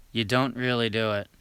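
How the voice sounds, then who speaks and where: A man's voice: medium pitch, bright, forceful tone, clean tone, no room sound, studio quality. A young male voiceover actor chatting casually on a livestream, laughing often and restarting his sentences.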